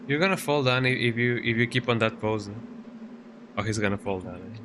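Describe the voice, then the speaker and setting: A young man streams a video game with game music playing behind him, rambling casually and cooing baby talk at his cat between moves. His voice is fairly low, at a normal speed, over a noisy background.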